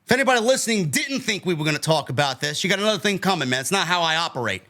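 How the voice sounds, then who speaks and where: A man with a New York accent tears into a heated podcast rant. His voice sits very high and swings widely, with a bright, sharp edge. The talk is profane and angry, and it climbs toward shouts. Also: animated, racing. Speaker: podcast host.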